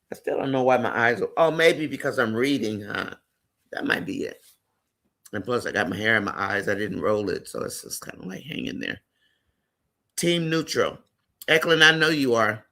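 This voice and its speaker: Gravelly, bright-voiced man chatting live. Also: medium pitch, animated, normal speed. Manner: chatty, greets and affirms viewers by name. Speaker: live chat host reading viewer comments. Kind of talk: casual live-stream commentary.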